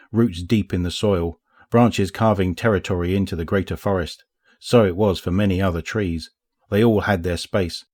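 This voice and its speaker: A man narrating a story as an audiobook reader, in a measured, even way. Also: low voice, dry recording, studio quality. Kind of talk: scripted narration.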